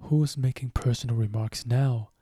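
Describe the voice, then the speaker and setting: A man's voice: medium pitch, fairly even intonation, moderate pace, mellow, slightly rough, dry recording, studio quality, lightly acted. A man reading the Hatter, a quibbling odd fellow. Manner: quibbling, mournful at times. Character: the Hatter, eccentric argumentative tea-party host. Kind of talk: storybook reading.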